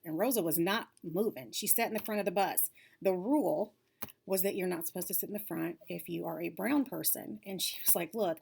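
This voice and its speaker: Woman facilitator, encouraging coach to young girls, whispers for emphasis, slight vocal fry. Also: fairly low pitch. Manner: warm, upbeat, coaching, drops to whispers for emphasis. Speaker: lead facilitator for girls' self-esteem class.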